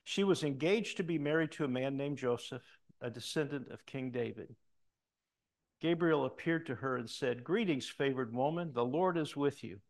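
A middle-aged man preaching a sermon, reading scripture aloud and breaking off into animated asides, loud for quoted lines and hushed for comments. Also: mid-range voice, moderate pace. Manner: animated, swings between loud emphatic reading and quiet asides. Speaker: pastor.

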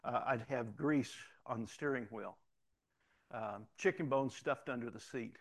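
A man who is both a pastor and a police officer, telling his stories in an animated way, acting out the dialogue and often repeating words as he starts a sentence. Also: mid-range voice, measured pace. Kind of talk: storytelling testimony.

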